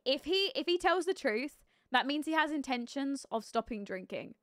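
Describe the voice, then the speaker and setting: Chatty woman streamer, high voice. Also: normal speed, no echo, clean studio sound. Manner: chatty, thinks aloud, bursts into excited reactions. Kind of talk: live gameplay commentary.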